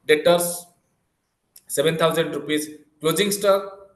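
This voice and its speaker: A man's voice: on the high side, steady tone, slow pace. A man teaching an online class over a video call, explaining step by step and often checking whether students follow. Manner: explains step by step, repeats key points, checks "clear?" and "okay". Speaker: commerce lecturer. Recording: roomy echo.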